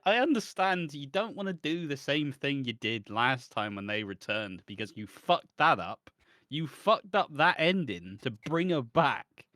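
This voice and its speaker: A man's voice: on the high side, bright, forceful tone, no echo, studio quality. Sarcastic, sweary British man. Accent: British English. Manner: sarcastic, swears a lot, mocking impressions. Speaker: podcast co-host. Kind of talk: casual chat.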